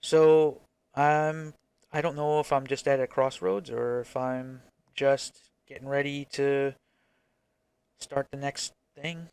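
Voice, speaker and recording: A man's voice: medium pitch, level tone, takes it slowly, vocal fry, darkish tone, clean tone, no room sound. Frank, rambling male indie developer. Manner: frank, rambling, swears freely; hesitant, many restarts. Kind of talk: casual reflective vlog.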